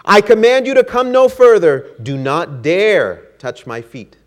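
Brief: male preacher doing an aging king, regal, measured, commanding. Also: medium pitch, lively intonation, lightly acted. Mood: furious, shouting. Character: proud old king, commanding the tide, later humbled.

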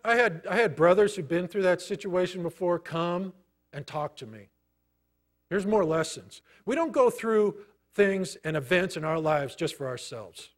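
A middle-aged man preaching a sermon, telling a personal story in a conversational way with many pauses. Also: high voice. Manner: storytelling, conversational, pausing often. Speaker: pastor.

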